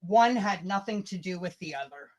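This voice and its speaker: A woman's voice: fairly low pitch, animated, moderate pace. A woman co-hosting a casual podcast chat, indignant, sarcastic and profane. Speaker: podcast co-host.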